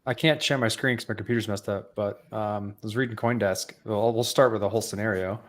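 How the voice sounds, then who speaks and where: A man's voice: fairly low pitch, steady tone, quick pace. A man co-hosting a podcast in casual chat, earnestly explaining at length. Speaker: podcast co-host.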